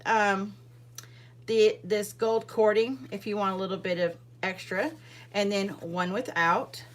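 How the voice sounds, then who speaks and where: A woman with a mid-range, slightly bright voice hosts a live card-making demonstration. She chats casually with viewers, rambling with lots of fillers and side remarks.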